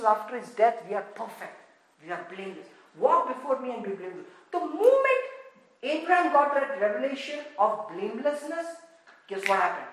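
A woman with an Indian accent preaching an impassioned sermon in a church, swinging from loud exclamations to hushed murmurs. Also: high voice, heavy reverb, low-quality recording. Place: church in Texas.

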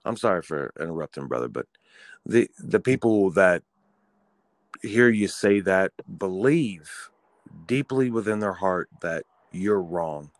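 A man's voice: low voice, expressive, a little slow, no room sound. A man co-hosting a podcast, ranting bluntly and profanely in casual chat. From United States. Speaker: podcast co-host.

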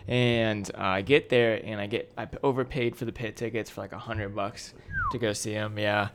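A man's voice: on the low side, fairly even intonation, moderate pace, fairly bright tone, smooth. A young man co-hosting a casual podcast, chatty and hedging, with lots of fillers. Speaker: podcast co-host. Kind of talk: casual chat.

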